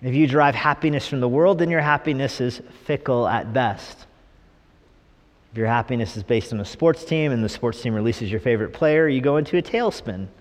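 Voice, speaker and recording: A middle-aged man preaches from the front of a church sanctuary, mixing scripture with wry, animated humor and quick put-on voices. His voice sits at an ordinary pitch for a man. The sound carries a long reverb from the hall around him. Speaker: pastor. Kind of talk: sermon.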